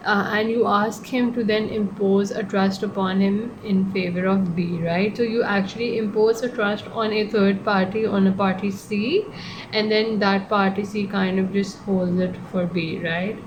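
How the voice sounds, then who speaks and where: A woman's voice: mid-range voice, fairly even intonation, measured pace, highs cut off. Chatty woman tutor, noisy recording. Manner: chatty, digressive, self-correcting, joking asides. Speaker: law tutor. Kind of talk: casual online lecture. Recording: clear background noise.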